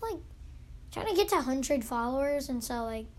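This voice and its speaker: Rambling high-voiced young girl podcaster. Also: lively intonation, fairly quick, a little mellow. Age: child. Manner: rambling, goofy, acts out scenes. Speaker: pretend podcast host. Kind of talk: playful rambling kid podcast.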